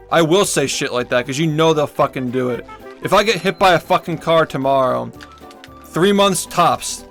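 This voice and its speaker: A man's voice: on the high side, fairly bright tone. A man streaming from home, ranting angrily and swearing a lot at the people who harass him. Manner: angry, profane ranting. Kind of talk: livestream rant.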